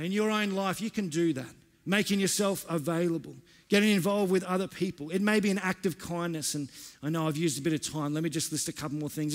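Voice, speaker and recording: A man preaching a sermon as pastor, telling personal stories earnestly with frequent restarts and repeated words. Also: high voice. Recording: long hall reverb.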